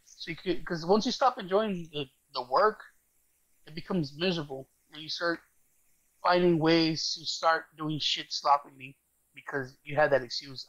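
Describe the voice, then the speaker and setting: A man's voice: a little high, brisk, a bit bright, no echo, low-quality recording. A man co-hosting a podcast, ranting in casual chat with restarts and casual swearing. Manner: opinionated, rambling with restarts and swearing. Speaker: podcast co-host.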